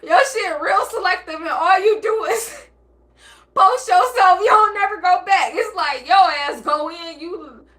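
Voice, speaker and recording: A woman's voice: extremely high pitch, measured pace, a bit bright. A woman vlogger speaking in an emotional, blunt and profane personal monologue, acting out bits of dialogue. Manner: emotional, near tears and laughing by turns.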